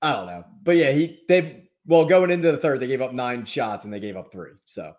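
A man's voice: mid-range voice, lively intonation, fairly quick, darkish tone. A man, a regular on a sports talk show, talking hockey in a glum, blunt way and swearing casually.

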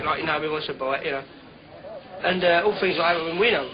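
A man's voice: on the high side, steady tone, quick pace. A man with a Cockney accent, a pub regular chatting in a rambling, laughing way. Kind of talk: casual chat. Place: busy pub. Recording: dull lo-fi film sound with pub crowd.

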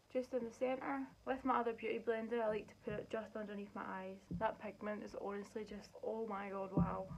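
A woman's voice: a little high, a little hiss or hum, poor audio. A young woman, chatting through a makeup tutorial step by step as a beauty vlogger. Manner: chatty, explains each step as she works.

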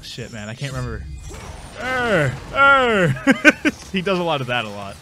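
Gamer guy chatting over gameplay, stuffy nose, pitch jumps all over, swears and laughs at himself. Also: big pitch swings, fairly quick, sharp tone, a little hiss or hum. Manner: rambling, self-mocking, swears. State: congested. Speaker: gameplay commentator. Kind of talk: casual let's play commentary.

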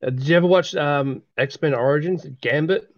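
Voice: mid-range voice, normal speed. Hesitant co-host on a lo-fi recording. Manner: hesitant, many fillers. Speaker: co-reader of a fan audiobook. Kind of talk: casual chat.

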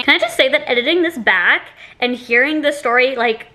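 A woman vlogger talking through a storytime in a chatty manner, with "like" in almost every sentence. Her voice sits fairly high and sounds bright and sharp. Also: expressive, a little fast, few pauses. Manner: chatty, heavy use of "like" fillers. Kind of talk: storytime vlog.

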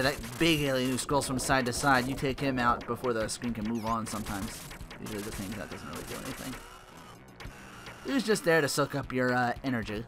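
A man giving casual, rambling gameplay commentary, cursing freely and cracking jokes as he plays. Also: on the low side. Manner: rambling, profane, joking asides. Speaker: let's play host. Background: game music.

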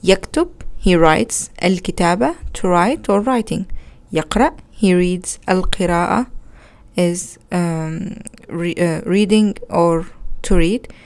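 A woman's voice: fairly low pitch, normal speed, a little mellow. Self-correcting woman teaching Arabic grammar. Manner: self-correcting, with frequent "uh, sorry" slips; switches between English explanation and Arabic words. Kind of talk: recorded grammar lesson, reading examples aloud.

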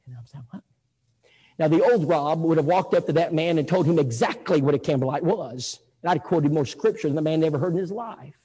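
A man's voice: a little high, fairly quick, few pauses, breathy edge. A man preaching a sermon, telling folksy stories and acting out other people's voices. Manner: folksy, animated storytelling, acts out voices. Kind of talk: sermon with storytelling. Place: church auditorium. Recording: echoey hall.

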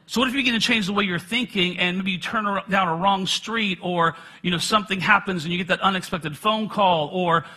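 Man, preacher, middle-aged, high voice, conversational sermon, self-deprecating humor. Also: fairly quick, few pauses, sharp tone. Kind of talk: sermon with personal stories.

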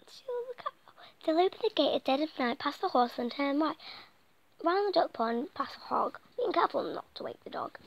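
A woman reading a children's picture book aloud in an animated way, often dropping into soft whispers and stumbling over words. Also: high-pitched, fairly quick, vocal fry, dull audio. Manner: animated, slips into soft whispers and tripping restarts.

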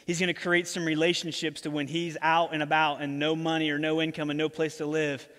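A male pastor giving an animated, casual sermon in a church. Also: on the high side, a little fast. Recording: reverberant church hall.

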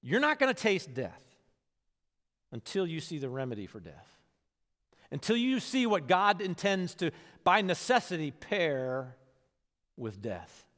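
A man preaching a sermon as pastor, talking conversationally and swinging between hushed, low moments and lively, animated bursts. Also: unhurried, pauses often. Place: church sanctuary. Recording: long hall reverb.

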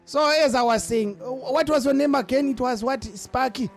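A man's voice: very high voice, moderate pace, slight background noise. A man doing in-character game roleplay, talking in an indignant, theatrical way. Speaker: roleplay gamer playing his character.

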